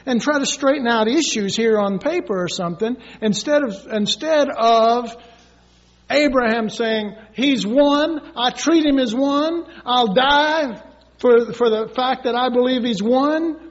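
Male preacher, very high voice, lively sermon delivery, dull recording with long reverb. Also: unhurried. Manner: animated, acts out quoted voices with sudden high cries. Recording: dull echoey recording from far off.

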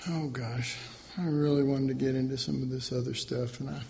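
A man's voice: mid-range voice, little pitch movement, brisk, creaky, warm tone, echoey room, slight background noise. A man preaching an informal sermon in a conversational, joking way, correcting himself as he goes and acting out mock quotes.

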